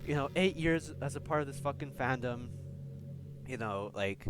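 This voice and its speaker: A man's voice: mid-range voice, lively intonation, moderate pace, soft background music. A man hosting a game playthrough, reading a story aloud and breaking off into passionate, heated, swearing rants. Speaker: let's play host.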